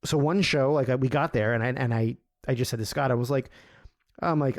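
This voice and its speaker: A man at a middle pitch, recorded dry and close, telling a long backstage story. He rambles and swears often, and his voice lifts when he quotes others. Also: fast, no room sound. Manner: rambling, profane, animated when quoting others. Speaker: podcast host. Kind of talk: casual storytelling.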